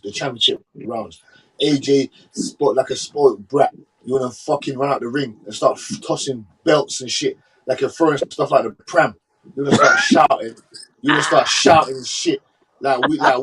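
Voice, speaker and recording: A man's voice: mid-range voice, normal speed, far from the mic, background noise. A man, ranting about boxing in a heated, profane way. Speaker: boxing podcast co-host. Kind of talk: casual chat.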